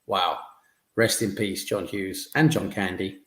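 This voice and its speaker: A man's voice: low-pitched, fairly even intonation, a bit bright. Man chatting on a podcast in an echoey room. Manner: enthusiastic, halting, repeats words. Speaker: podcast host. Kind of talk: casual chat.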